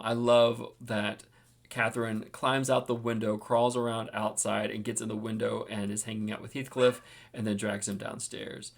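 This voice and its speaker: A man's voice: mid-range voice, creaky. A man hosting a book-reading channel, giving casual, enthusiastic commentary with frequent fillers.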